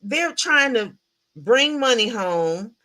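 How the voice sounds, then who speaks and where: Woman host, chatty film recap, animated, laughs often, asks chat questions. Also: on the high side, slow. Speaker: podcast host reviewing a film. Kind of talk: casual livestream film recap.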